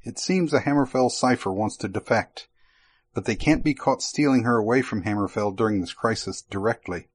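A man voicing a gruff, businesslike male spy chief handing out assignments in an audiobook. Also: lowish voice, moderate pace. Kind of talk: audiobook character voice.

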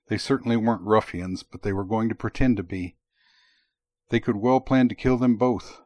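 A man narrating an audiobook in a steady, even tone. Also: lowish voice, moderate pace.

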